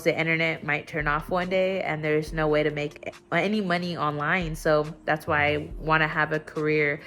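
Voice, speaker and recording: A young woman talking at home in a casual confessional vlog, candid and rambling, her voice jumping up when she gets excited. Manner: candid and rambling, with sudden excited jumps in pitch. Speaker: vlogger. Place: at home, indoors.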